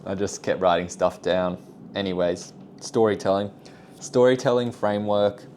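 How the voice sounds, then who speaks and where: A man's voice: lowish voice, normal speed, a little mellow, a little hiss or hum. A young man talking casually about communication skills, rambling and self-deprecating, often trailing off into asides. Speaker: vlogger. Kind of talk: casual self-improvement vlog.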